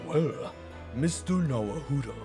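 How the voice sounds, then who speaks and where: A streamer voicing a pompous older British chief judge in a video game, with slow, formal and stately delivery. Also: mid-range voice, expressive, music in the background. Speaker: game character dubbed by a streamer.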